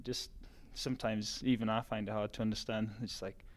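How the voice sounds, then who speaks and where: A young adult man with a low-leaning voice talks fairly quickly. He's a college runner from Newcastle, England, with a Geordie accent, casually chatting as an interview guest and leaning heavily on fillers like "like" and "um."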